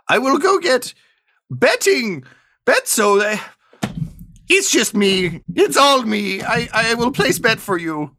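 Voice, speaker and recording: A man voicing an eager, fussy male bookie who talks in halting broken phrases. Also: very high-pitched, very animated, sharp tone, voice pushed up, exaggerated voice.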